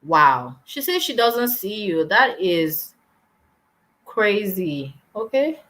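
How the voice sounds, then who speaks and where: Bright, chatty young woman live-streaming. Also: mid-range voice, slow pace. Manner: animated and chatty, exclamatory. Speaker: YouTuber hosting a live stream. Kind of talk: casual live-stream chat, reading viewer comments.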